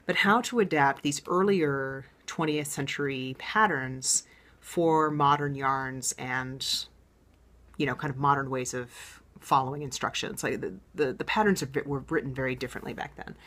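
A woman with a low-pitched voice hosts a knitting show in a relaxed, chatty way. She sounds enthusiastic and talks as if thinking aloud, with frequent ums and restarts. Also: moderate pace. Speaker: knitting podcast host. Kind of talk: casual show-and-tell chat.

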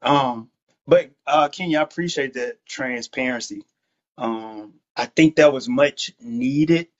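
A man's voice: medium pitch, slow, muffled recording. A man hosting a faith podcast, chatting in a laid-back, joking, slangy way. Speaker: host.

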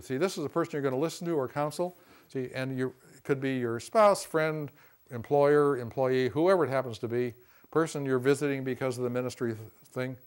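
Folksy man teaching a class. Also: medium pitch. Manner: folksy, peppers talk with "see" and "you know", acts out quotes. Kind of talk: classroom lecture.

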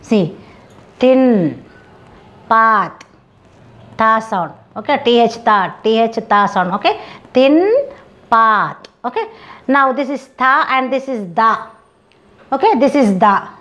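Indian-accented woman teacher, unhurried, drills example words one by one, slightly high voice. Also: sharp tone. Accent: Indian English. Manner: slow, drawn-out, repeating each word several times. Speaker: English teacher. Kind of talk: phonetics lesson with slow repeated example words.

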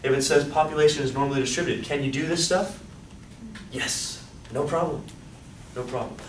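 A male statistics teacher lecturing a class in an animated, joking way, often asking students questions. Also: on the high side, moderate pace, distant mic. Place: lecture hall. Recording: echoey hall, voice off-mic, faint hiss.

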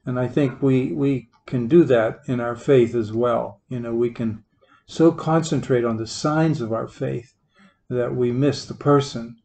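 A parish priest from the Pittsburgh area gives an informal, folksy homily full of stories, rambling and often repeating his words. His voice is mid-range, creaky and dark-toned, and he takes his time.

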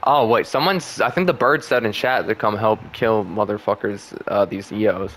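Speaking at a normal speed in a fairly low voice, a young man hosts a gaming channel. His commentary is casual and excitable, packed with profane trash talk and frequent laughter.

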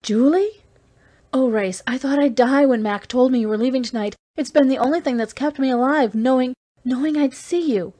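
A woman reading an audiobook, voicing a young woman in shock with high, strained, breaking pleas. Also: normal speed, warm tone. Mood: distraught.

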